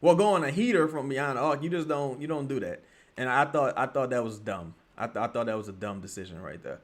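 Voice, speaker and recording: A man livestreaming his reaction to a basketball game, talking casually with lots of profanity, muttering one moment and yelling the next. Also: medium pitch, animated, fairly quick. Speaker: streamer reacting to a live game.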